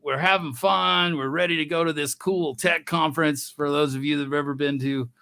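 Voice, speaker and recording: A man co-hosting a podcast who banters playfully, cracks jokes and jumps in with quick comic bits. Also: a little high, fairly even intonation, vocal fry, bright, forceful tone. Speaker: podcast co-host. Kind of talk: casual banter.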